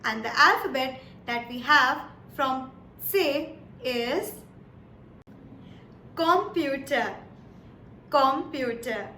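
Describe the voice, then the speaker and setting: A woman's voice: sits high, expressive, slow pace, pushed and bright. A woman from India teaching a German lesson, who says each word twice and often checks in with "Yes?" and "All right?". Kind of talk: slow, patient lesson delivery. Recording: echoey room with faint background noise.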